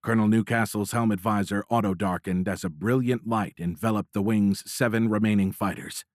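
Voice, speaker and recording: A man narrating a military thriller audiobook in a measured, dramatic reading, recorded close. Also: on the low side, steady tone, no echo. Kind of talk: scripted narration. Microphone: close studio mic.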